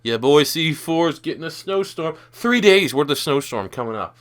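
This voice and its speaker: A young Canadian gaming YouTuber gives loose, profane, rambling commentary over his own football video game. His voice is on the high side and fairly bright, animated, and delivered at normal speed.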